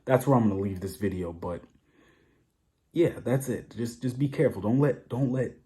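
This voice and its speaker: A man's voice: mid-range voice, normal speed, mellow. A man talking casually to camera, giving blunt opinions with a lot of repetition and rhetorical asides. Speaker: vlogger.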